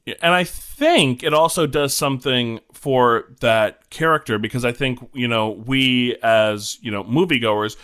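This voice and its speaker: A man in a casual film discussion, relaxed and measured, often agreeing with the others. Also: mid-range voice, smooth.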